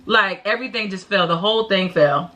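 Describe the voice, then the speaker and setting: Bright, animated young woman telling a story. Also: mid-range voice, fairly quick. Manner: animated, dramatic storytelling with loud laughs and hushed whispered asides. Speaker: vlogger. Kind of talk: casual storytime.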